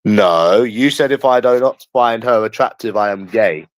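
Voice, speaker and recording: A man's voice: lowish voice, moderate pace, dry recording. A young man with a London accent, ranting in a taunting live stream and jeering at someone over and over. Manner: mocking, repetitive jeering.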